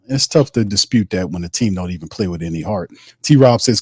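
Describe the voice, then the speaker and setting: A man's voice: lowish voice, sing-song, quick pace, darkish tone, husky, no room sound, studio quality. A man hosting a live sports stream, reading viewer comments and reacting in loose, slangy talk. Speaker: sports podcast host. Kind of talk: casual live-stream chat.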